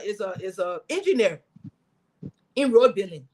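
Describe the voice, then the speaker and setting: A middle-aged woman from Liberia speaking, a guest in an interview telling her story as a former senator with lively, preaching energy. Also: on the high side, moderate pace, a little hiss or hum, rough recording. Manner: animated, preaching storytelling with acted quotes.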